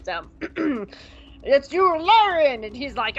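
A woman's voice: medium pitch, animated, moderate pace, fairly bright tone. A woman co-hosting a podcast who gives a casual, rambling and giggly episode recap, swearing freely. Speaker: podcast co-host. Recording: slightly dull podcast audio, faint music.

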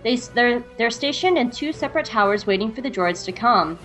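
A woman co-hosting a fan podcast chats casually, laughs easily, and reads an episode recap aloud. Her voice sits on the high side, expressive, slightly fast and a bit bright, with faint music underneath.

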